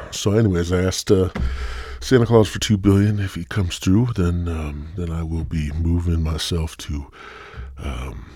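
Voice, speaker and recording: A man's voice: sits low, fairly even intonation, measured pace, darkish tone, breathy edge. A man hosting his own podcast, rambling through a casual rant full of swearing and sardonic jokes. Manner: sardonic, joking asides. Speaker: podcast host.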